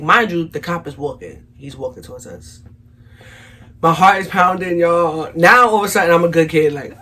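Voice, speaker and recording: A young woman with a New York accent telling a storytime vlog, animated and acting out the quotes, talking straight to her viewers. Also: fairly low pitch, brisk, slightly rough. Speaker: vlogger.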